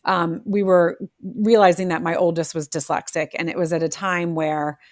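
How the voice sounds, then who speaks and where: A middle-aged woman hosts a conversational interview and tells stories about her family with animated energy. She slips into quoted voices as she goes. The recording is dry, with no room echo. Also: on the low side, normal speed. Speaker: podcast host.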